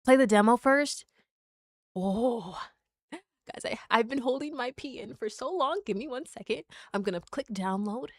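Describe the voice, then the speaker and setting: A woman gaming streamer talking casually and excitably with her live chat. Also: on the high side, moderate pace, no echo, clean studio sound. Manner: excitable, chatty, talks to chat.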